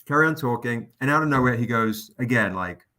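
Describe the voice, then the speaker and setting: A man hosting a livestream, telling an anecdote in a casual, animated, profane way. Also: mid-range voice, a little fast. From England. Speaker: comic publisher hosting a livestream.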